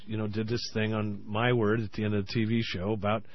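A man's voice: lowish voice, little pitch movement, a little fast, no echo, lo-fi sound. A man in a played interview clip, talking earnestly with many ums and uhs. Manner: hesitant, many fillers, earnest. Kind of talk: interview talk.

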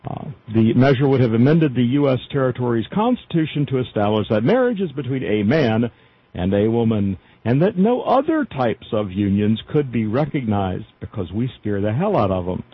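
A man with a husky, slightly breathy voice talks through news stories in a loose, unscripted way. He pauses often with fillers and drifts into asides between reading. The sound is dull and lo-fi. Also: medium pitch, big pitch swings, no room sound. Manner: reads articles aloud with frequent fillers and asides. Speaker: podcast news host. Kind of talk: casual news commentary. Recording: dull lo-fi audio.

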